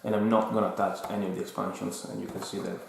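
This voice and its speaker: A man with an Italian accent calmly reviewing a board game and explaining its rules, in an unhurried, slightly hesitant way. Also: lowish voice, creaky, slight background noise. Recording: very echoey room.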